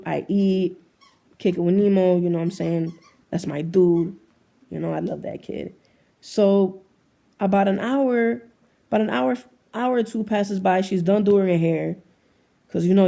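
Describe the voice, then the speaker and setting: A woman's voice: medium pitch, vocal fry, warm tone. A young woman, telling a long story to camera in a casual, slangy way and quoting the people in it. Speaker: vlogger. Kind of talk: storytime monologue.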